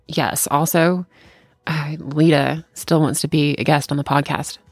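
A woman's voice: deep voice, little pitch movement, measured pace, husky, no room sound. A middle-aged woman co-hosting a podcast in casual chat, rambling with restarts and laughing often. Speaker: podcast co-host.

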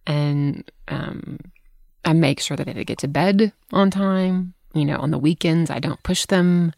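A woman's voice: deep voice, unhurried, creaky, darkish tone, no room sound, studio quality. A middle-aged woman hosting a podcast, talking frankly in casual chat, swearing freely as she tells stories. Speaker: podcast host.

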